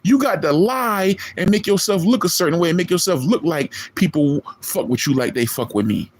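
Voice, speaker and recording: Guy going off on some rival online, bragging and cussing, voice up and down a lot, kinda high. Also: animated, normal speed. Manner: boastful, taunting, profane, street slang. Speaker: online streamer. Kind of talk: callout rant to a rival.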